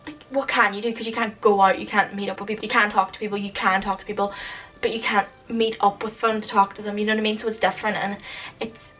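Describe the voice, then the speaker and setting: A woman's voice: medium pitch, level tone, quick pace, fairly bright tone, recorded from a distance, poor audio. A young woman in her late teens from the UK, ranting casually to camera at home in a rambling, exasperated way, with lots of "like". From United Kingdom. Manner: rambling and exasperated, heavy use of "like". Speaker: vlogger.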